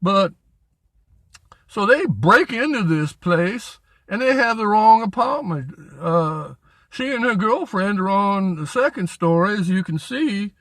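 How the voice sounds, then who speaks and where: A high-pitched man spins a rambling yarn outdoors on a city street, cracking corny jokes and teasing himself when they flop. He talks in an unhurried, drawn-out way, and the sound is dry and close. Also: animated, a bit bright, no echo. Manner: chatty, folksy, self-mocking about his jokes. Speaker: vlog host.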